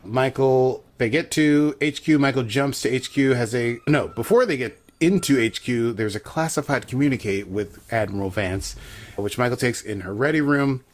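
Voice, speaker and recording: A man's voice: medium pitch, normal speed. Chatty, jokey man recapping an episode. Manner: chatty and jokey, riffing with asides. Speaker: podcast co-host. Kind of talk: casual episode recap chat.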